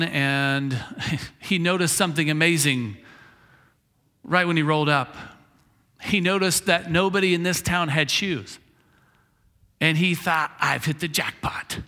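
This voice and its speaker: A man's voice: a little high, pushed and bright. Man preaching in a reverberant hall. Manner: casual, chuckling, acts out characters' lines. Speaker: pastor. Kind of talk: sermon storytelling. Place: church sanctuary.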